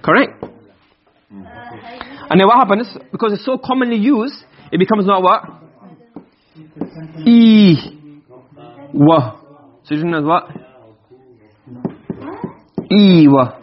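A man's voice: high voice, animated, moderate pace, pauses often, lo-fi sound. A man teaching an Arabic grammar class, asking questions and answering them himself, often repeating and restarting phrases. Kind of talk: classroom lecture.

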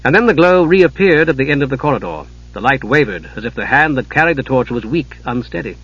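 Guy narrating a fantasy audiobook, husky, mid pitch, dull sound. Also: animated, fairly bright tone, no echo. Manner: measured and dramatic.

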